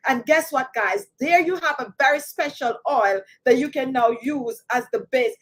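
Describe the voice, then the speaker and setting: A woman with a Jamaican accent talks casually and animatedly, speaking straight to her audience. Her voice sits high. She keeps turning to the viewers and asking them to chime in. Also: normal speed, hardly any pauses, low-quality recording. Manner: chatty, animated, addresses viewers directly. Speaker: beauty channel host. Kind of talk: casual talk to camera.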